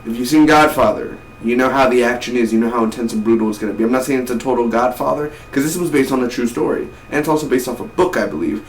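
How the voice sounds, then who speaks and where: In a roomy space, a man seated some way from the mic reviews a film in an ordinary mid-range voice, fast and with hardly any pauses. He's enthusiastic and rambling, repeating words, while a faint hum sits beneath him.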